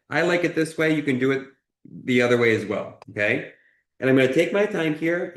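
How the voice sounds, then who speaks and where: Encouraging man chef, roomy sound. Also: mid-range voice. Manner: encouraging, checks in with a frequent "okay?". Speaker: chef and cooking instructor. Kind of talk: cooking demonstration. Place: kitchen.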